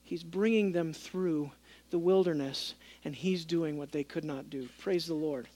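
A man preaching a sermon as pastor, swinging between quiet asides and raised, emphatic passages, asking the congregation questions and speaking in the voices of people from the text. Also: a little high, unhurried. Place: church.

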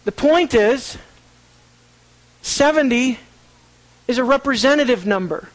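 A man's voice: extremely high pitch, animated, unhurried, dry recording, poor audio. A man teaching a sermon, reading scripture aloud and asking his listeners rhetorical questions. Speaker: Bible teacher.

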